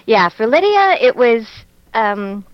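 A woman's voice: high-pitched, no echo, muffled recording. A woman with a Canadian accent, a voice actress chatting as an interview guest, laughing often and telling stories with animation. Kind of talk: casual interview chat.

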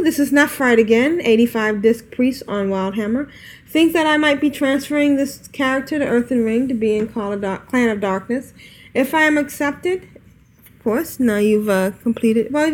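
A woman co-hosting a casual gaming podcast, her voice sitting a little high. She reads listener emails aloud in a chatty way and keeps slipping into giggles between sentences. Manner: giggly, chatty, trails off into laughs. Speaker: podcast co-host.

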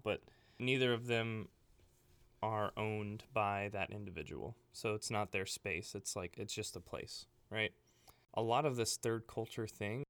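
A man co-hosting a podcast tells a story in an animated, chatty way, full of fillers, his voice bright and forward. The sound is close and dry, with no room in it. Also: on the low side, vocal fry, clean tone, dry recording. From Libya. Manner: filler-heavy, animated, laughing while telling stories. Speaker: podcast co-host. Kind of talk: casual storytelling chat.

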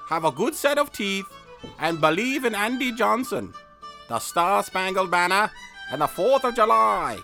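Old-timey Maine farmer, high and drawn-out, folksy and earnest, put on by a podcast host. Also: male voice, pushed and bright, exaggerated voice. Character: old-timey male farmer from the 1860s placing a marriage ad.

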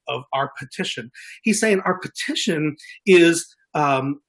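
A man's voice: a little high, bright, forceful tone, husky. A man preaching a sermon as a pastor, earnest, often repeating words as he builds his points.

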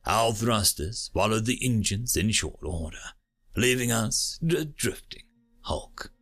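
A man narrating a dramatic first-person story, sometimes dropping into hushed tones. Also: on the low side, expressive, slow pace, breathy edge. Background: faint music.

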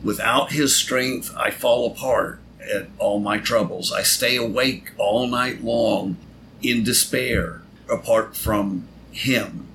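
A man's voice: medium pitch, takes it slowly, fairly bright tone, slight background noise, low-quality recording. A man taking part in a conversational Bible teaching, speaking earnestly and affirming the points from his own experience. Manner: earnest, affirming, personal testimony.

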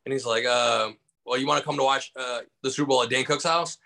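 Man from michigan, comedian, gravelly voice, bright edge, rambling anecdotes, video call. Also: medium pitch, steady tone, fast, rough recording. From Michigan, USA. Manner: rambling, many fillers, acts out quotes. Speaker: comedian guest. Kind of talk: casual storytelling interview.

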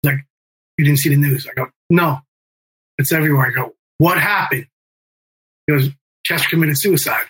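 A middle-aged man tells a story in casual interview talk, circling back with fillers and restarts and swearing freely. His voice is bright and slightly raised in pitch, with a husky edge. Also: normal speed, pauses often, poor audio. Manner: rambling, many fillers and restarts, swears, acts out quotes. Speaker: guest, band member and music manager.

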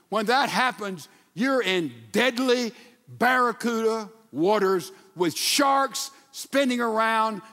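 Man preaching, high voice, storytelling sermon, loud then hushed, long hall reverb. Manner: storytelling, swings from loud emphasis to hushed near-whisper. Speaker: pastor.

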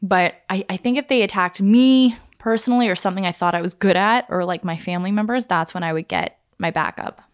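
A woman co-hosting a podcast in casual, animated chat, laughing often. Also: mid-range voice, fairly quick, few pauses, clear, resonant tone. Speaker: podcast co-host.

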